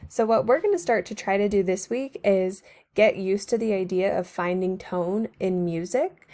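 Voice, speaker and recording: A woman's voice: mid-range voice, normal speed, warm tone. A woman teacher narrating a recorded slideshow lesson to her students, patient and encouraging, speaking to them directly.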